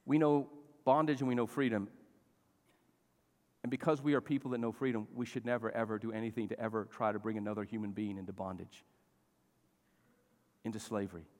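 A man's voice: on the low side, little pitch movement, brisk, long pauses, a little mellow. A middle-aged man preaching a sermon in a church, exhorting his congregation and calling for responses. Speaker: pastor. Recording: long reverb of a church hall.

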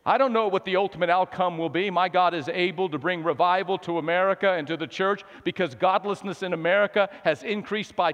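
A man preaching a sermon, swinging between hushed lines and shouted emphasis. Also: high-pitched, steady tone, fairly quick, hardly any pauses. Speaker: pastor. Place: church sanctuary. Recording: long hall reverb.

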